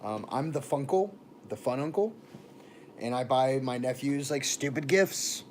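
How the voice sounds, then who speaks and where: A man's voice: medium pitch, expressive, unhurried, a little mellow, a little hiss or hum. A young man from Texas and Florida, chatting casually on a livestream and greeting viewers by name. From born in Texas, raised in Florida.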